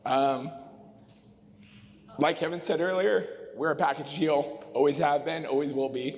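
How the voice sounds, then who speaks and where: A man's voice: a little high, fairly even intonation, unhurried, darkish tone. A man in his thirties giving an emotional, heartfelt wedding toast as best man, rambling with fillers. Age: 30s. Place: wedding reception hall. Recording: long reverb of a reception hall.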